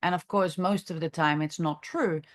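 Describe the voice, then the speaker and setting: A woman who is a chiropractor, leading a masterclass discussion in an unscripted, halting way, thinking aloud with many fillers and restarts. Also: on the low side, steady tone. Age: adult, has a grown daughter. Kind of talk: unscripted teaching talk.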